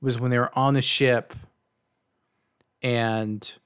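A young man co-hosting a casual movie review podcast, animated and swearing freely, retelling scenes with quoted lines. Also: mid-range voice, takes it slowly, clean tone. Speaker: podcast co-host.

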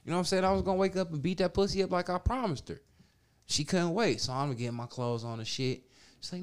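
A man telling a crude story in casual chat, laughing loudly now and then. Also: high voice, fast, smooth. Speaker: podcast storyteller.

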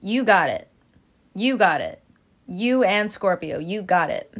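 A woman giving a casual tarot reading to her viewers. She is gentle and tearful, often laughs and breaks off mid-sentence. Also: mid-range voice, very animated, slow pace. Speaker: tarot reader.

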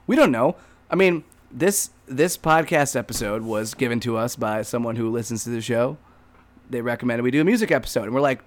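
A man's voice: mid-range voice, a little fast. Joking, ranting male podcast co-host. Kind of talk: casual podcast chat.

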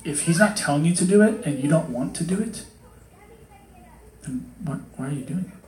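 A man's voice: fairly high pitch, lively intonation, fairly quick. A man in his thirties giving a casual, joking sermon, acting out quoted voices as he talks. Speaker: preacher. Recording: echoey hall.

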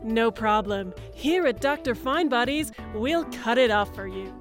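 A woman voicing a brash, pushy pitchwoman in a comedy radio ad, with a loud, mocking hard-sell delivery and an American accent. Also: lively intonation, unhurried, over loud music. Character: brash pushy woman pitching shady back-alley clinic.

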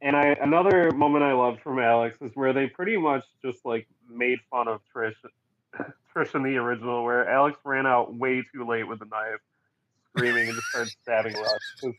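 A man's voice: mid-range voice, normal speed, a bit bright. A man as the guest on a casual podcast chat, easygoing and laughing along. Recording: dull lo-fi sound.

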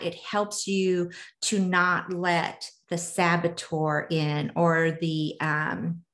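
A woman talking through manifestation and moon phases in a casual teaching monologue, gentle and earnest. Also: lowish voice. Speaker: spiritual manifestation coach.

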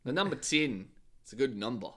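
A man's voice: mid-range voice, big pitch swings, a bit bright. A man co-hosting a podcast, chatting casually and teasing his partner with wordplay. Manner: playful, teasing, quick to riff on words. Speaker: podcast co-host. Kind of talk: casual chat recapping a reality show.

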